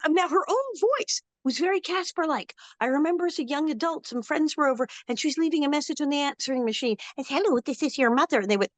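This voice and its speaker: An older actress in an animated interview, telling lively anecdotes and acting out quick quotes. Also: female voice, sits high, no echo.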